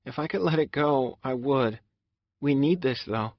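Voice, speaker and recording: Guy doing a soft caring young woman, higher and gentle, kinda muffled dry sound. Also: a little slow, no room sound, close to an everyday voice. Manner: soft, hesitant, apologetic.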